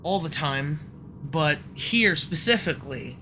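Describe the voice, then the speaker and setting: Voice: mid-range voice, animated, unhurried, sharp tone, soft background music. A livestream host in casual conversation, frustrated and swearing a lot, breaking off and restarting sentences. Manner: frustrated, profane and swearing often.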